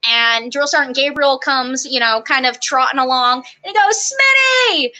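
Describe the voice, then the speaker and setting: Young woman w a high bright voice, animated storyteller, chatty interview. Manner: animated, quick storytelling with acted-out quotes. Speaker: interview guest, army basic training graduate.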